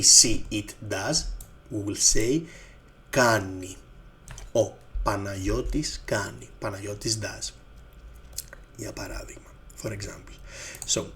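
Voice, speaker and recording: A man's voice: lowish voice, a bit bright. A man with a Greek accent, a native Greek speaker teaching his language in English, patiently repeating each form. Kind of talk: slow explanatory lesson.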